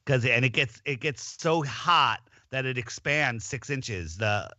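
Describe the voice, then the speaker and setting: A man's voice: medium pitch, expressive, unhurried, sharp tone, no echo, lo-fi sound. A man telling rambling stories in a casual chat, often restarting his sentences. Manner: rambling storyteller, many restarts.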